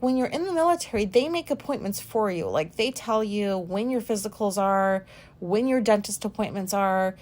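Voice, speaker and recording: Woman, 40s, podcast host, candid personal monologue, self-conscious, rambling, frequent swearing, middle pitch. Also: darkish tone.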